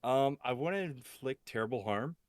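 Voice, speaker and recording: A man playing a tabletop game, talking haltingly with many ums. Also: mid-range voice, animated, no room sound, studio quality. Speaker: player.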